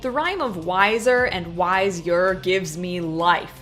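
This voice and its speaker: A woman's voice: fairly low pitch, slow pace, fairly bright tone, soft background music. A woman hosting a video essay, delivering a scripted review in an opinionated, nitpicking and dryly humorous way.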